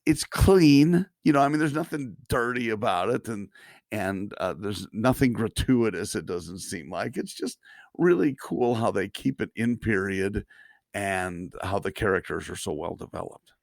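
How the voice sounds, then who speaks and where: A low, gravelly male voice drifts through relaxed podcast chat. He stops and restarts his thoughts often and lets out the odd chuckle. The sound is close and dry, with no room around it. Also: no echo. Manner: halting, many restarts, chuckling. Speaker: podcast co-host. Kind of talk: casual chat.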